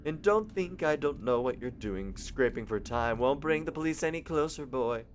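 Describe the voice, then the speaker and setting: Man voicing a cruel, self-satisfied young murderer, mocking and unhurried. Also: medium pitch, expressive, faint music behind, natural voice. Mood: smug menace. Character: smug cruel young male killer.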